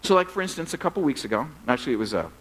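Husky, lively-voiced pastor preaching. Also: male voice, medium pitch, racing, poor audio. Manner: conversational, humorous storytelling. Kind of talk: sermon.

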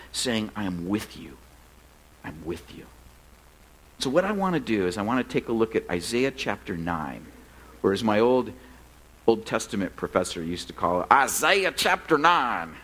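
A man preaching a sermon as pastor at a church service, conversational and self-deprecating, joking with the congregation and turning earnest and quiet in prayer. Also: medium pitch, rough recording.

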